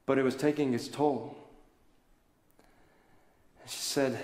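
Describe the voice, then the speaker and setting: A male pastor preaches in a large church, his voice carrying through a roomy space with a long reverb tail. He tells a story earnestly and tenderly, in a mid-pitched voice. The sound comes from some distance, as if caught by a room mic in the sanctuary. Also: steady tone, slow, darkish tone. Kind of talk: sermon. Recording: echoey hall from far off.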